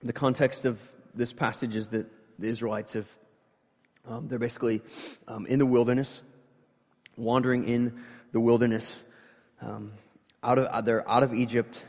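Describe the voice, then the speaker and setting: A man preaching a sermon as pastor, shifting between quiet scripture reading and loud, emphatic passages, conversational with fillers and restarts. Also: mid-range voice, level tone, normal speed, pauses often. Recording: long hall reverb.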